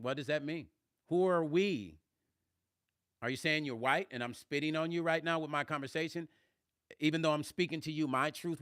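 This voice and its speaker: A man's voice: on the high side, fairly bright tone, no room sound, clean studio sound. A man who is a musician, chatting on a live stream, answering viewers' comments in a blunt, emphatic way. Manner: emphatic, blunt, swears when riled. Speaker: musician and vlogger.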